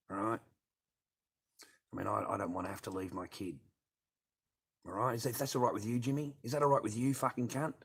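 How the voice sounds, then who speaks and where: A middle-aged man talks casually on his livestream, answering chat messages with heavy swearing and biting sarcasm. His voice sits a little low, and he argues and rants as he goes. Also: creaky, slightly rough. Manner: swears constantly, argumentative and sarcastic. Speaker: livestream host reading chat.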